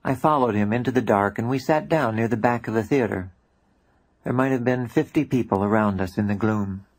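Husky male audiobook narrator. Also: medium pitch, a little fast. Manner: plain, reflective storytelling. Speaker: author reading his own book.

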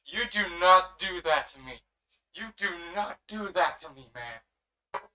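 A reaction video host giving casual, expressive and profane commentary straight to the viewers. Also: medium pitch, slow pace.

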